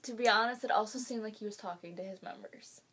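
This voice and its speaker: A woman's voice: mid-range voice, fast, fairly bright tone, slightly rough. A young woman, hosting a casual reaction video, emotional and swearing, laughing through tears.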